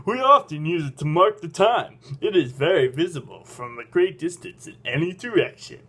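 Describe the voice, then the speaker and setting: A man's voice: a little high, animated, moderate pace, sharp tone, slightly rough, exaggerated voice. A man voicing a serious young male apprentice guard who speaks in a stiff, formal way in a story game.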